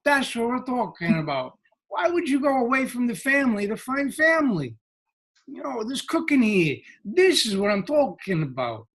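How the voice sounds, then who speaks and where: Brooklyn accent, pushy homey family guy, high and hammed up, a man putting it on. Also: sing-song, moderate pace, fairly bright tone, full character voice. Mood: coaxing. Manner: exaggerated, coaxing.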